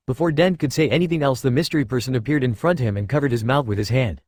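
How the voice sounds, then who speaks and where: Brief: male storyteller, steady read, dry close sound. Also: medium pitch, racing, few pauses, no room sound. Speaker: narrator. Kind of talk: reading fan fiction aloud.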